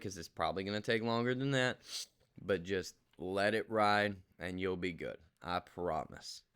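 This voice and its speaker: A man's voice: lowish voice, a bit bright, clean tone. A young man, a customer service worker, ranting casually to camera about angry callers, repetitive and colloquial but reassuring. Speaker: customer service rep vlogger.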